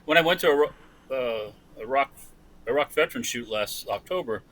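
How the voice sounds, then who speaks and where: A man with a medium-pitched voice co-hosts a podcast in casual chat, sounding animated and quick to laugh.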